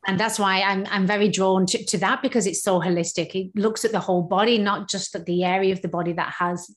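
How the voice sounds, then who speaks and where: A woman speaking as a podcast guest tells a personal story openly and in a casual way. Her voice sits at a middle pitch, and she often restarts her sentences as she goes. She gets animated at the vivid parts. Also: a little fast.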